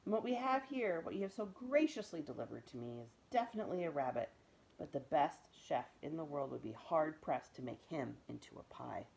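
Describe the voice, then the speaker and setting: A woman voicing a huge, gentle bearded man who speaks in a formal, genteel way. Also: deep voice, expressive, fairly quick, creaky, a little hiss or hum, low-quality recording. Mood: kindly.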